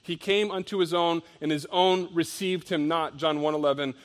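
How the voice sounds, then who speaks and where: Male pastor preaching, slightly high voice, reads scripture then explains it with strong emphasis and quiet drops. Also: fairly even intonation, moderate pace. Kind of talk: sermon.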